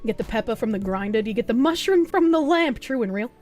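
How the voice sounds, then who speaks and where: A woman's voice: animated, fast, darkish tone. A woman streamer chatting casually to her viewers, rambling, swearing freely and reading chat aloud. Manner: squeals high when laughing. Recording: faint music behind.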